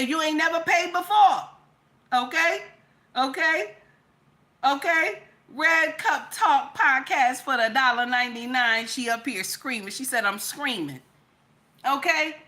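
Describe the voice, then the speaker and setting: A woman's voice: high voice, sharp tone. A young woman hosting a casual live-stream talk show, sassy and chatty, calling her viewers baby and honey. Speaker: podcast host.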